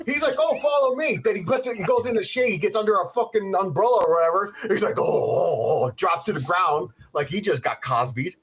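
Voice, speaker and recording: A man with a husky voice rants about a movie on a podcast, swearing often and getting more heated. His pitch swings widely as he animatedly recaps scenes. It sounds like casual, unscripted talk. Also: lively intonation, a little fast, few pauses, fairly bright tone. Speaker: podcast host. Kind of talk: ranting movie review.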